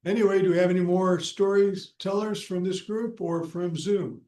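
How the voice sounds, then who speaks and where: A man hosts a storytelling night, inviting the next teller in an easygoing, informal way. His voice sits a bit high for a man. The room adds a clear echo. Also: steady tone, moderate pace, warm tone. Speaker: host. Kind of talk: hosting a storytelling evening. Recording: echoey room.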